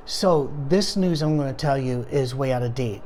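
A man's voice: mid-range voice, moderate pace, a little mellow, slight background noise. A man, a pastor, leading a conversational Bible study, sounding tired and rambling from point to point with many fillers and restarts.

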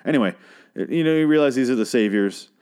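A man's voice: mid-range voice, animated, fast, a little mellow, smooth. A man giving a casual, rambling recap of a TV episode, swearing freely and often trailing off or restarting with a sardonic edge. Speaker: show recap podcaster.

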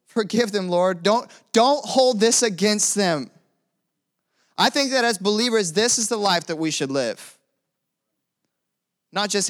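A young man preaching a lively sermon, calling out to the congregation and asking them to repeat after him. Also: high-pitched, unhurried, long pauses. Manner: energetic call-and-response preaching.

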